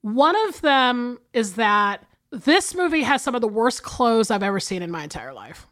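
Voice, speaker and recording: A woman in her thirties co-hosting a casual movie podcast, animated and profane, laughing often. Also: on the high side, moderate pace. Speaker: podcast co-host.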